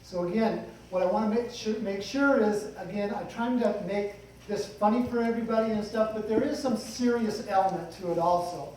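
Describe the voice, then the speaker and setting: A middle-aged man delivers a funeral eulogy in a loose, folksy way, drifting between gentle jokes and sincere memories. He is heard from some distance in a very reverberant hall. A faint hiss of noise sits underneath. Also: high voice, a little fast, few pauses. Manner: folksy, rambling, with light humor. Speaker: son giving a eulogy.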